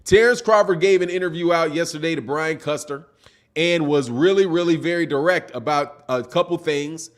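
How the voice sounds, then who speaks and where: Middle-aged man, high voice, animated slangy boxing streamer who needles viewers. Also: normal speed. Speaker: boxing channel host. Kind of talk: livestream commentary with chat shout-outs.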